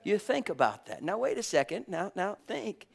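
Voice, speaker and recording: A man preaches in a husky voice that sits high, with huge pitch swings and vocal fry. He stretches phrases emphatically, shifts between loud bursts and soft asides, and chuckles now and then.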